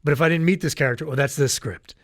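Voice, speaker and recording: A man's voice: on the high side, quick pace, vocal fry, no room sound, clean studio sound. A man, a voice actor, chatting as an interview guest, enthusiastic and often restarting his sentences. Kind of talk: casual interview chat.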